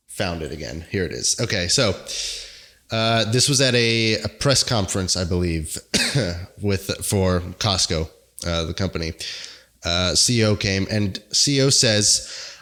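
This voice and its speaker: A man's voice: deep voice, expressive, a little slow, sharp tone. A man co-hosting a podcast in casual chat, rambling and joking and laughing often. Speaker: podcast co-host.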